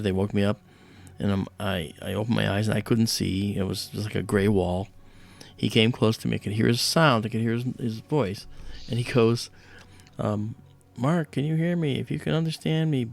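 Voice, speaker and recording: A man on a livestream, his voice on the low side and gravelly, tells a personal story in a casual, animated manner. He brings the people in it to life by acting out their voices.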